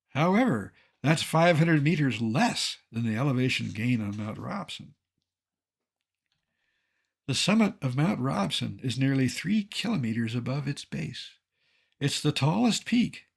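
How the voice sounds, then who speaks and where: An older man, a mountaineer, narrating a slideshow in a scripted way, with dry, deadpan humor. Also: mid-range voice, creaky.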